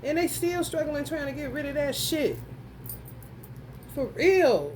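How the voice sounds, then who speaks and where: A woman with a high voice talks slowly and deliberately through a casual astrology reading. She is blunt and profane, calling out to her viewers and breaking into exclamations. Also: expressive, darkish tone, a little hiss or hum. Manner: blunt, profane, emphatic, addresses viewers directly; breaks into frequent laughter and exclamations. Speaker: tarot reader.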